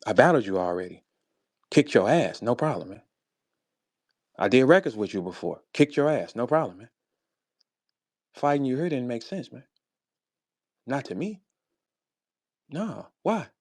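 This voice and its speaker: A man with a St. Louis accent calling out a rival in a heated, profane monologue, tossing in "bro" and "man" and swinging from low muttering to loud high outbursts. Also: very animated, normal speed, pauses often, no echo, clean studio sound. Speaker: battle rapper addressing a rival. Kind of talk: heated monologue on a live audio space.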